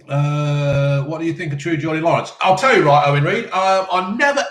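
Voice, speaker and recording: A man in his fifties hosts a casual live chat, answering viewers' questions with blunt, sweary banter. His voice sits a bit high for a man. The sound is echoey, as if he is in a bare room. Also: a little fast, fairly bright tone. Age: 50s. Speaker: live-stream host reading chat questions.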